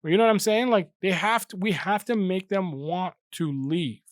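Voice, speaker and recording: A man's voice: high-pitched, normal speed, no echo, clean studio sound. A young man hosting a football fan channel, ranting heatedly and repeating himself for emphasis. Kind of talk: passionate casual rant to camera.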